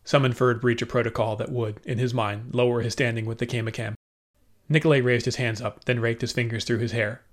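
A man narrating an audiobook with steady storytelling. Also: medium pitch, fast talker.

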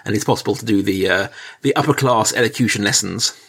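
An Englishman with a mixed British accent chats as a podcast guest. His voice is a touch husky, and his humor is dry and self-deprecating. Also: fairly low pitch, fast talker, fairly bright tone. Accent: British, mixed regional. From England. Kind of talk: casual podcast chat.

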